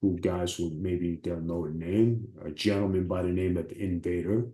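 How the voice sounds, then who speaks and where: Man, low voice, mellow tone, roomy echo, animated storytelling, swears freely. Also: normal speed. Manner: animated, profane storytelling with acted quotes. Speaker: interview guest, former wrestler. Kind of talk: casual storytelling.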